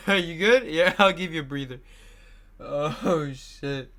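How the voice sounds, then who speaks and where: A man's voice: on the high side, takes it slowly, pushed and bright. A man reacting casually to a video in a profane, rambling way.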